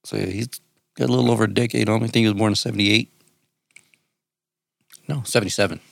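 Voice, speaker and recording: A man's voice: fairly low pitch, steady tone, fast talker, creaky, dry recording. A man in his thirties co-hosting a podcast, talking in a casual, profane way, with laughs and restarts. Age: 30s. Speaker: podcast co-host. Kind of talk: casual chat.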